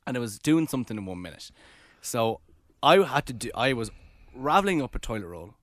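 A man's voice: medium pitch, brisk, no echo, studio quality. A man co-hosting a podcast, telling a story with lots of acted-out dialogue. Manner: lively storyteller, acts out dialogue. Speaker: podcast co-host. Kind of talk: casual chat.

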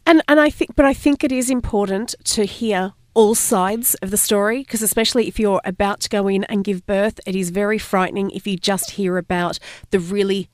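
Animated woman telling a story. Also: mid-range voice, a little fast, no room sound. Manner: lively storyteller, acts out voices. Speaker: podcast co-host. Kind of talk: casual chat.

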